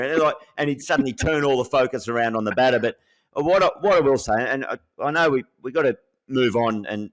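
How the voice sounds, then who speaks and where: A man's voice: medium pitch, fast talker. A middle-aged man, a former cricketer, recalling an old rival in earnest, reflective podcast chat.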